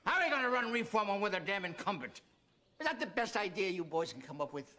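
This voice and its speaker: An actor playing a gruff older Southern male governor with a Southern accent, barking insults in a no-nonsense way. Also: high-pitched, very animated, quick pace, bright, forceful tone, heavily acted. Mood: scornful.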